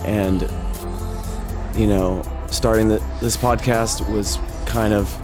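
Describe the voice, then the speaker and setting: A male podcast host speaks slowly and haltingly, choking up and swearing as he thanks his listeners. His voice sits a little low. Music plays clearly beneath him. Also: steady tone. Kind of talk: emotional farewell message to listeners. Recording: music playing clearly underneath.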